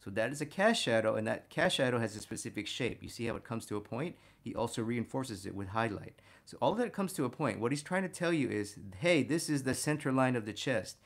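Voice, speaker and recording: Man, art instructor, gravelly voice, energetic drawing lesson, mid pitch, says "boom" a lot. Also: fairly quick, hardly any pauses. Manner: energetic, punctuates points with "boom". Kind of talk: drawing lesson, talking through a study.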